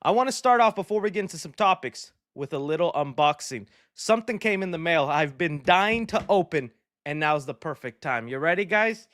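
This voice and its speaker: A man's voice: a little high, lively intonation, brisk, a bit bright, dry recording, studio quality. Jokey slangy man hosting a livestream. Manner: upbeat, slangy, jokey banter with chat. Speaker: movie news livestream host. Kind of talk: casual live-stream chat.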